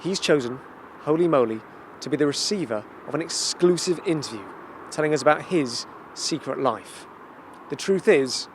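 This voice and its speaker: A man's voice: on the high side, animated, moderate pace, slight background noise. Wry man interviewing outside on the street. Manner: wry, mock-serious questioning. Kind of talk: comic spoof interview. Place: outdoors outside an office building.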